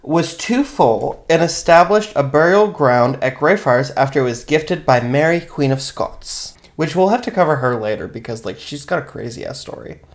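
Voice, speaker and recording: A man's voice: a little high, expressive, moderate pace, hardly any pauses. A man co-hosting a podcast, casually telling a graveyard history with chatty asides. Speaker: podcast co-host and storyteller. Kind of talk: casual chat and read narration.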